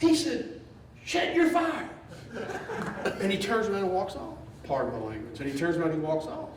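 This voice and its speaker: Animated storytelling man in an echoey hall. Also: fairly high pitch, fast talker. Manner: animated, laughing as he tells the story. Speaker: former player and graduate assistant coach, panel guest. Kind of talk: live storytelling on a panel. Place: event hall with an audience. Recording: echoey room from far off with noise.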